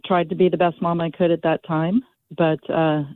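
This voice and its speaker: A woman from California calling into a talk show, emotional and halting, with many restarts. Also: on the low side, flat delivery, no room sound. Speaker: caller. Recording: tinny phone line.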